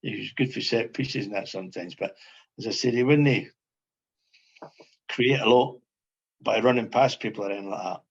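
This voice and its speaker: Older man, husky, rambling repetitive chat, muffled lo-fi podcast audio. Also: on the low side, moderate pace, pauses often. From Scotland. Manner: rambling, repeats phrases, many "you know what I mean". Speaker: podcast guest, former footballer. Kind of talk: casual reminiscing chat.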